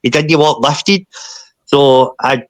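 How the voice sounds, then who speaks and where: A man, a podcast guest, recounting a painful personal story in a halting way, often repeating himself and saying mate. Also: mid-range voice, fairly even intonation, dry recording.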